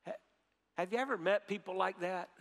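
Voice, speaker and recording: Middle-aged male preacher, high tenor, animated storyteller, church reverb. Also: fairly quick, gravelly. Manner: animated storytelling, swings from hushed to loud; repeats phrases, leads audience call-and-response. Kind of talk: sermon. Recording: long hall reverb.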